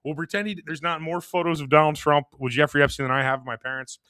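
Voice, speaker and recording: A man's voice: a little high, fairly even intonation, quick pace, sharp tone, smooth, no echo, clean studio sound. A man hosting a podcast in casual chat, rambling and repeating words as he thinks, laughing often. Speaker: podcast host.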